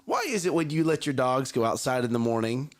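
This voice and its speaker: A man co-hosting a morning talk show, giggly and animated as he chats about family life. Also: medium pitch, fairly quick, a crowd in the background. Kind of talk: casual chat.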